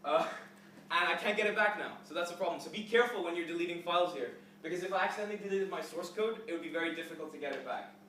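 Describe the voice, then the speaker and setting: A young man gives a casual classroom lecture in a lecture hall, walking through a live coding demo step by step with plenty of fillers. His voice is fairly high, quick, pushed and bright. The distant mic picks up hall echo and slight background noise.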